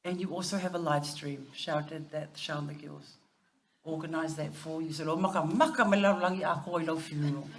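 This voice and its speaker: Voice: mid-range voice, steady tone, fairly quick, a bit bright. Speaker giving a family eulogy. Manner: mixes English with Samoan phrases; anecdotal, laughing through stories. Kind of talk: funeral eulogy. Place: funeral service venue.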